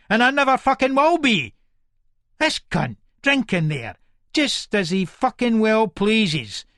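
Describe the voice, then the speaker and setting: A man's voice: high-pitched, a bit bright, no echo, clean studio sound, heavily acted. Begbie, a menacing Scottish hard man. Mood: seething. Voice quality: coarse, swearing, menacing. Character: violent, menacing male Edinburgh hard man. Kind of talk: first-person audiobook narration.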